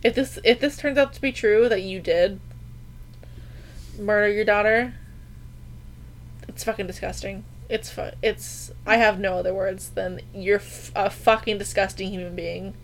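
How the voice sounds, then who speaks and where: A woman's voice: medium pitch, steady tone, unhurried, a little hiss or hum. A woman co-hosting a podcast in casual chat, talking bluntly and emphatically with plenty of swearing. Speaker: podcast co-host.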